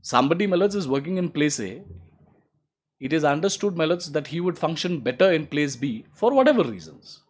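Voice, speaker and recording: A man's voice: very animated, brisk. A man, an advocate replying to opposing counsel in court, formal and emphatic, with "my lords" threaded through his argument. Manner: formal and emphatic, repeats "my lords", rises in pitch to stress points.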